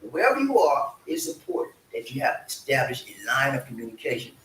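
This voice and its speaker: A man hosts a casual livestream, folksy and animated, calling out to his viewers for answers. His voice is bright and forward. He sounds a little far from the mic in an echoey room, with a faint hiss behind him. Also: mid-range voice, quick pace. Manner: lively, folksy, calls for audience response. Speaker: show host. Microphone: streaming setup.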